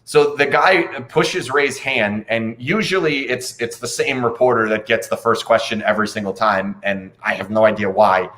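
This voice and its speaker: A man talking hockey in a loose, unscripted style. He is blunt and animated, swears now and then, and sounds incredulous as he picks apart the game. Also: mid-range voice, normal speed, hardly any pauses. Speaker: hockey podcast host. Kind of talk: casual post-game analysis.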